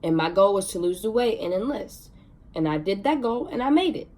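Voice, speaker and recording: A young woman vlogging, telling her own story in a chatty, excitable way with many fillers. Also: mid-range voice, fairly quick. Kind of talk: casual storytelling to camera.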